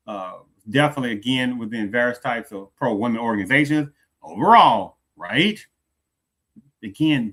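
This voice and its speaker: A man hosting an opinionated commentary show, talking emphatically, repeating phrases and drawing out stressed words, swinging from loud to hushed. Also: medium pitch. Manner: emphatic, repeats phrases, asks "do you understand".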